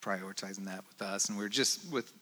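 A man, the lead pastor, hosting a relaxed and encouraging church panel conversation. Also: lowish voice, fast.

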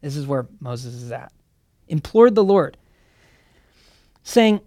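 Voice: mid-range voice, expressive, unhurried, long pauses, no room sound, studio quality. A preacher giving a sermon in a conversational way, emphatic and asking the listeners direct questions. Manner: conversational, with casual fillers. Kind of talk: sermon teaching.

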